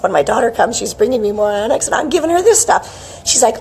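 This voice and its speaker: A middle-aged woman hosting a casual live wellness stream, chirpy and animated, greeting viewers by name. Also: a little high, fairly quick, creaky, slight background noise, poor audio. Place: outdoors with a palm tree behind. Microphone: hands-free phone camera.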